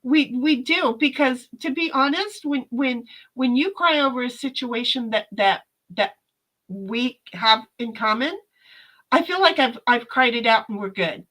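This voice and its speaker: A woman's voice: on the high side, lively intonation, measured pace, fairly bright tone, poor audio. A woman hosting a casual livestream from home, talking earnestly to her chat and reading out their comments, often repeating words as she gathers her thoughts, and swearing now and then. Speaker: livestream host.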